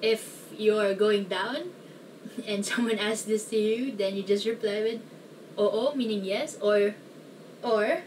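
A woman teaching vocabulary in a relaxed, chatty way. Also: medium pitch, slow pace, a little hiss or hum. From Philippines. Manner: relaxed, chatty explanations with light laughs. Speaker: language teacher. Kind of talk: casual vocabulary lesson.

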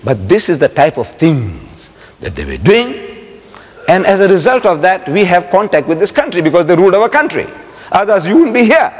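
A man's voice: high voice, wildly swooping pitch, moderate pace. An older man from South Africa giving a public religious lecture, telling stories animatedly, acting out dialogue and repeating lines for emphasis. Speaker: Islamic lecturer. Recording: reverberant lecture hall recording.

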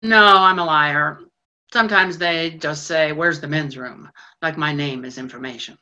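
A shy, lonely cleaning woman in a train station, pouring her heart out on stage. Her voice sits a little low yet rings bright and forceful, rushing and catching on her words. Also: lo-fi sound. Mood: flustered. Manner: confiding, breathless rushes of feeling. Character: lonely middle-aged female station janitor, shy. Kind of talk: stage monologue in a theatre broadcast.

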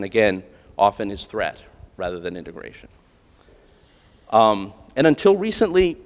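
American man giving a conference keynote. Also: lowish voice. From United States. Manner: earnest, conversational, frequent restarts and "right?" asides. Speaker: keynote speaker. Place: large conference hall. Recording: long hall reverb.

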